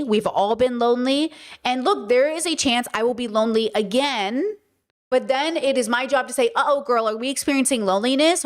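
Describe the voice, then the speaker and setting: Emphatic livestreaming woman, higher voice. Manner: frank, emphatic, swears freely. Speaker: podcast host. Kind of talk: livestream chat, talking to chat.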